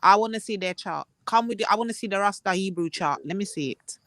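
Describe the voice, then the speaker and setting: A woman with a Jamaican accent co-hosting a casual chat, animated and slipping into patois. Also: medium pitch, quick pace, no echo. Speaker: co-host.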